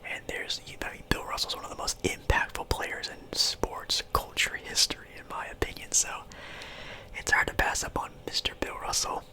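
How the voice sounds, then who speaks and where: A man's voice: moderate pace, poor audio. A young man whispering a casual ASMR sports ramble as host, chewing gum as he talks.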